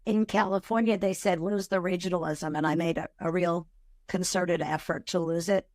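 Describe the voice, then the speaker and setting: A woman from Massachusetts, a former radio news director, chatting as a podcast guest in a clear, measured way. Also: on the low side, darkish tone, no room sound, studio quality. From Massachusetts, USA. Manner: articulate, measured radio-trained delivery. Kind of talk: casual interview chat.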